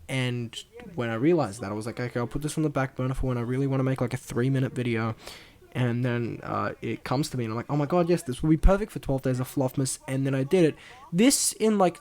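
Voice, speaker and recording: A young man with a medium-pitched voice rambles through a casual video commentary, self-deprecating and full of fillers. He swings between mumbled asides and excited bursts.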